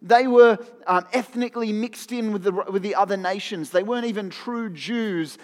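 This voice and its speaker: A man's voice: sits high, normal speed, in a large hall. A man giving a sermon in an earnest, conversational way, often repeating phrases for emphasis. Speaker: preacher.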